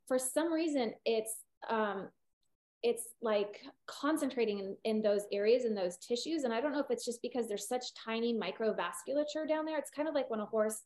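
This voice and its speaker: A middle-aged woman with a somewhat high voice, a veterinarian talking loosely in an interview. She rambles, piles on fillers and restarts her sentences as she explains. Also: normal speed, a little mellow. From California. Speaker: holistic veterinarian guest. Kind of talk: casual interview conversation.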